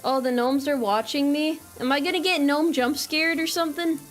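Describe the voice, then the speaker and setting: High-voiced playful woman streamer. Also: steady tone, moderate pace, soft background music. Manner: playful, teasing, chatty. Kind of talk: casual gameplay commentary.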